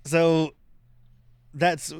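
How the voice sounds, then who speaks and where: A man's voice: a little high, flat delivery, very slow, darkish tone, smooth, dry recording, studio quality. A man co-hosting a casual podcast, recapping scenes loosely and laughing often. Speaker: podcast co-host.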